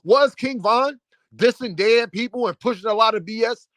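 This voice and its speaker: This time the commentary host's pitch is extremely high and his pace moderate, with a slightly bright tone on a dry recording. His impassioned rant keeps hammering rhetorical questions, heated and preachy.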